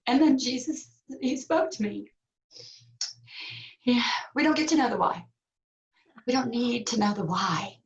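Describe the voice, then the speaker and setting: A woman guest in an interview, speaking heartfelt and reflective, with pauses and fillers. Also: fairly high pitch, highs cut off. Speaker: actress guest. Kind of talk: interview conversation.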